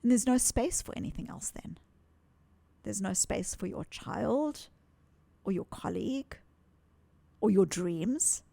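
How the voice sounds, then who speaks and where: A woman guest in an interview, explaining ideas in an earnest, animated way and repeating words for emphasis. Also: medium pitch, takes it slowly, gravelly, no room sound. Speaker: psychologist guest.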